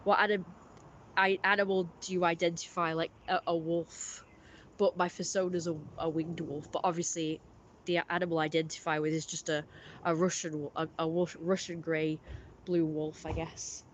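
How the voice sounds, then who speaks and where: Streamer host, mid-pitched, chatty and rambling, restarts a lot, faint hiss behind. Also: little pitch movement, moderate pace. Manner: rambling, self-correcting, friendly. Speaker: livestream host. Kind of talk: casual livestream chat, reading viewer messages.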